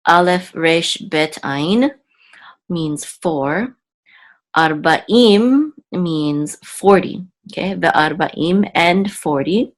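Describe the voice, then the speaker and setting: A woman's voice: fairly low pitch, extremely slow. A woman teaching an online language lesson, going patiently word by word with frequent ums and self-corrections. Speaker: Hebrew teacher.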